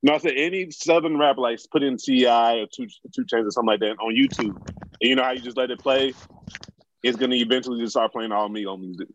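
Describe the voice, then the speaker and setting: A man co-hosting a podcast, talking in a relaxed, rambling and joking way. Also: mid-range voice, fast talker, a little hiss or hum. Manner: laid-back, rambling and jokey. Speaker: podcast co-host. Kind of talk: casual chat. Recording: slightly dull, muffled sound.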